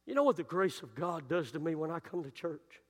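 A man preaching a sermon, telling stories and building to shouted climaxes. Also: a little high, lively intonation, brisk. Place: church sanctuary. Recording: long reverb of a church hall.

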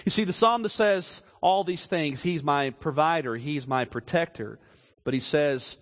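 A man preaching a sermon, moving from quiet storytelling to raised, emphatic declarations. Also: a little high, a little slow. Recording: long hall reverb.

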